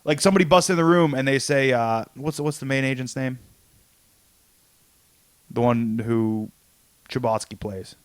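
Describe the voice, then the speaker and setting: A man's voice: mid-range voice, unhurried, pauses often, clear, resonant tone, no room sound. A man co-hosting a casual comics podcast, retelling a story in a loose, rambling way and acting out the lines in his own voice. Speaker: podcast co-host. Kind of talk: casual chat about comics.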